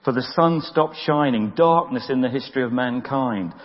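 A man's voice: medium pitch, moderate pace. A man preaching a sermon in an earnest, plain-spoken way, often repeating words as he presses a point. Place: church. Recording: dull lo-fi audio with long church reverb.

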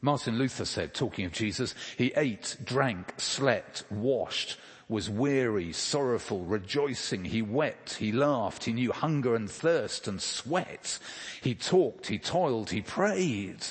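A man's voice: mid-range voice, lively intonation, slow pace, breathy edge, in a large hall. A man preaching a sermon in a conversational way, asking rhetorical questions and dropping casual asides. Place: church.

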